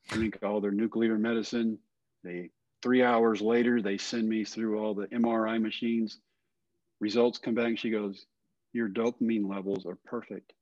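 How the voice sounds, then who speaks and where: An older man telling a personal story in a podcast interview, earnest and plain-spoken, often trailing off softly. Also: lowish voice, flat delivery, normal speed, no echo. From Texas. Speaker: guest. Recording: dull, dry, lo-fi audio.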